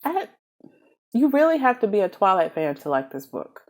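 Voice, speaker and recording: A woman chatting casually through a book review, giggling often and leaning on fillers. Her pitch swings widely and expressively from phrase to phrase. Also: big pitch swings, normal speed, a little mellow.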